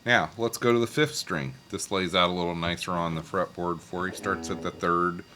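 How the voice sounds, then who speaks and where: A man's voice: deep voice, fairly even intonation, moderate pace, a little hiss or hum. A man teaching a guitar lesson, patiently explaining scales and calling out note names. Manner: patient, talks over guitar, sings note names along. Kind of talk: casual music lesson. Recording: loud guitar playing behind voice.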